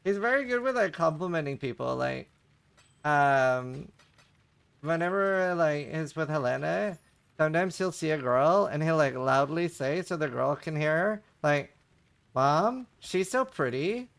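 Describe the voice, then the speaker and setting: A man streaming a game, speaking in a slightly high voice with a gravelly fry running through it. He talks loosely and chattily, reading and answering his chat as he plays. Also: expressive, measured pace, a bit bright. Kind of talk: casual live-stream commentary.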